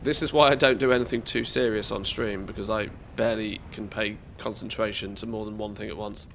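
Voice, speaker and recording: A man's voice: lowish voice, fairly even intonation, brisk, gravelly, fairly bright tone, a little hiss or hum. Nasal, congested man streaming a game. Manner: rambling, with stumbling restarts and dry joking. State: congested from a cold. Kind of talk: casual live-stream commentary while playing.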